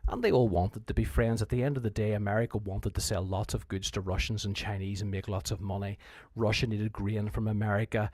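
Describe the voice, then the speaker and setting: A man's voice: on the low side, steady tone, fairly quick, few pauses, darkish tone, no room sound. A man with a Northern Irish accent, a history teacher giving a conversational revision lecture who often restarts his sentences and acts out quotes.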